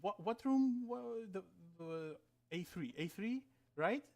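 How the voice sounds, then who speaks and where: Brief: man playing a casual young hotel worker woman, offhand, slightly high. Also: expressive, slow, a little mellow, full character voice. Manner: offhand, hesitant.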